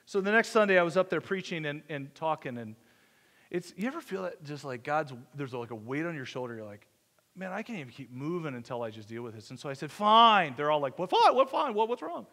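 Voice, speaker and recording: Man, pastor, conversational sermon, self-deprecating humor, higher voice, long church reverb. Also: animated, fairly quick, bright, forceful tone. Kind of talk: sermon storytelling. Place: church sanctuary.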